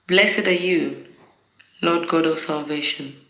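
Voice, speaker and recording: Slow, gravelly prayer leader in a roomy echo. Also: medium pitch, a bit bright, dull audio. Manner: slow, measured, solemn recitation. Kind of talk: reciting daily liturgical prayers.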